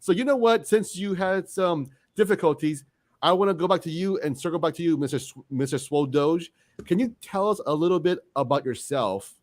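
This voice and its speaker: A man's voice: fairly high pitch, lively intonation, a little fast. A man hosting a casual online interview, chatty and giggling often. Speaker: host.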